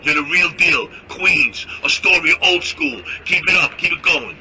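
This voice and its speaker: A man speaks in an excited, hyped promotional burst. His voice sits somewhat high. Clear background noise runs under the recording. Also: a little slow.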